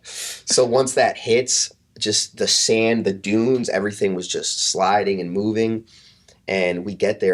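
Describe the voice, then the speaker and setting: A man in his thirties, a podcast guest, telling casual stories with lots of swearing and acted-out quotes. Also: low voice. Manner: animated, swears often, acts out quotes. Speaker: podcast guest, fitness coach. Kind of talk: casual storytelling.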